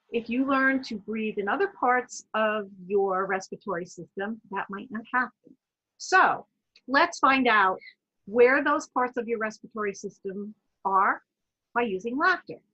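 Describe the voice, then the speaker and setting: A woman with a bright, slightly husky, fairly high voice leads a guided laughter yoga lesson. She talks in a chatty, encouraging way and breaks into loud chanted laugh sounds. The audio is dull and lo-fi, like an online talk recording. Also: unhurried. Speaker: wellness presenter.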